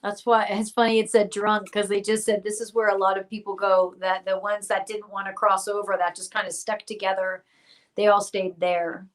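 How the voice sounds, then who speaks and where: A woman doing a remote-viewing reading, speaking hesitantly and pausing to search for words. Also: medium pitch, flat delivery, rough recording. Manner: hesitant and searching, pauses with fillers. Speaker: remote viewer. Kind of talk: psychic reading over a live stream.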